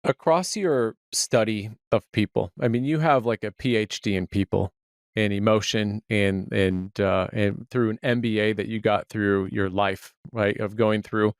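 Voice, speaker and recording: A man's voice: fairly low pitch, steady tone, measured pace, no room sound, clean studio sound. A man hosting a podcast, asking a long, meandering question with hesitant "uh"s. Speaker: podcast host. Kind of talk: interview question.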